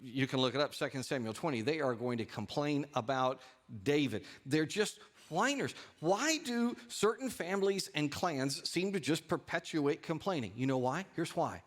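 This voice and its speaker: A man's voice: on the high side, animated, normal speed, few pauses. A male pastor preaching a sermon in a church, talking animatedly and lifting his voice for asides and quoted lines. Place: church sanctuary.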